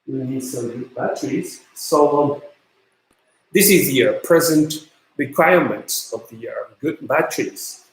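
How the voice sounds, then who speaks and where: A man with a Japanese accent lectures at a slow, measured pace, often pausing on fillers and restarting his sentences. His voice sits at an ordinary middle pitch. The recording carries a noticeable room echo. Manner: halting, many fillers and restarts. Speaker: university lecturer. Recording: echoey room.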